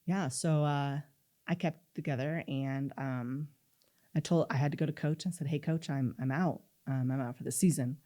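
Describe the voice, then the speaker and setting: Animated woman telling her story. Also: low voice, normal speed. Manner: animated, acts out quoted dialogue. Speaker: guest. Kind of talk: storytelling interview.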